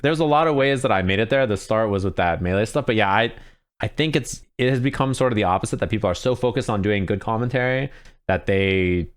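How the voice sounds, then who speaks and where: A man's voice: on the low side, quick pace, clean tone. A man, a fighting game commentator, talking candidly and in a laid-back way as the guest in an interview. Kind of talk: casual interview chat.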